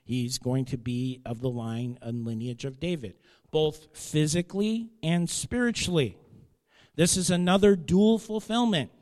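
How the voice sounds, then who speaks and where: A man preaching a sermon as pastor, swinging between loud declarations and quiet asides. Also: on the high side, unhurried, long reverb tail.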